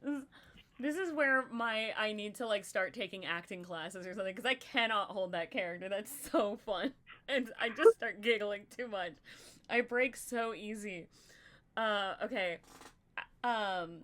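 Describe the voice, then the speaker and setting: A woman's voice: medium pitch, measured pace, a bit bright, a little hiss or hum. A woman hosting a casual podcast chat, rambling and giggly with frequent fillers. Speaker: podcast host.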